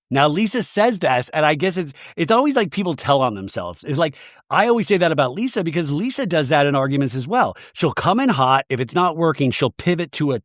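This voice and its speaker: Male podcast host; chatty, gossipy recapper, animated pitch, dry close sound. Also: fairly quick, dry recording. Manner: chatty, gossipy, acting out every quote. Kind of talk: casual reality TV recap.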